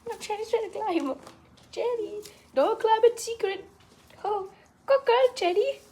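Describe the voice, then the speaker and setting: A woman's voice: very high voice, a little slow, dark tone. A woman at home filming her pet bird on a handheld phone, talking to it in a coaxing, sing-song way. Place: indoors at home. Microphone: handheld phone camera.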